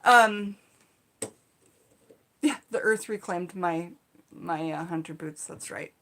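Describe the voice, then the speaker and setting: Bright-voiced chatty woman telling stories. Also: lowish voice, takes it slowly. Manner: animated, chatty, acts out her own shouts in the retelling; frequent fillers like "like" and "you know". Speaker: storytelling channel host. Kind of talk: casual personal storytelling.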